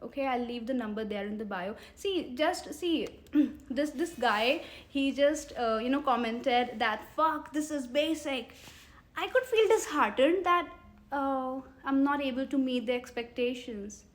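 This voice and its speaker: A woman in her thirties with an Indian English accent and a high, expressive voice teaches English learners on a live stream. She is earnest and coaxing, repeating questions to viewers and pausing to read and answer their comments aloud.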